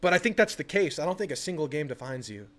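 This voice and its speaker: A young man hosting a live football watch party, chatting casually about the game and bursting into excited yelling at the TV on big plays. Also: on the high side, fast talker. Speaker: sports channel host.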